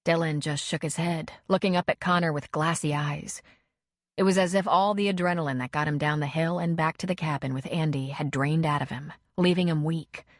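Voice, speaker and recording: A woman narrating an audiobook in a measured, even reading voice. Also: low voice, no echo, studio quality. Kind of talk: scripted narration.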